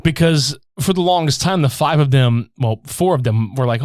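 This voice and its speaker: Speaking at normal speed with few pauses, a young man with a mid-range voice retells a movie on the podcast he co-hosts. It's loose, profane, excited chat full of laughter and acted-out scenes in voices, recorded dry in a clean studio.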